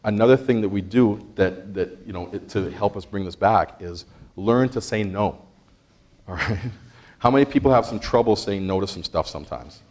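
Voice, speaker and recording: A man presenting an interactive workshop, energetic, quizzing the audience and laughing often. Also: fairly low pitch, moderate pace. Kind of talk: interactive stress-management workshop.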